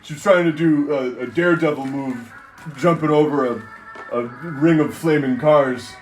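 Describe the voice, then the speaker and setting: A man running a tabletop horror game as game master, telling the scene in a lively way and laughing often. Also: fairly high pitch, moderate pace, recorded from a distance. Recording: echoey room with faint music.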